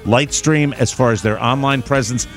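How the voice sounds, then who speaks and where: A man's voice: mid-range voice, normal speed, a bit bright, soft background music. A man hosting a talk radio show, bantering jokingly with his co-host and reading ads in a wry, self-deprecating manner. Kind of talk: casual talk radio banter and live ad read.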